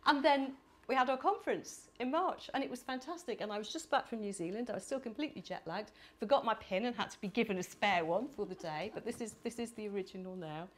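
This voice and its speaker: A middle-aged woman from the United Kingdom speaking at a conference, animated and chatty with laughing asides. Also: on the high side, fast talker, few pauses. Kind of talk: conference talk. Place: conference hall.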